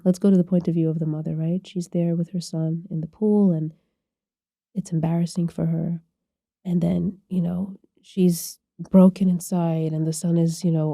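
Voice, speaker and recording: A woman's voice: fairly low pitch, level tone, normal speed, warm tone, no echo, studio quality. A woman therapist, a guest on a podcast, explaining her ideas in a reflective, conversational way. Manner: reflective, explanatory, repeats words when restarting.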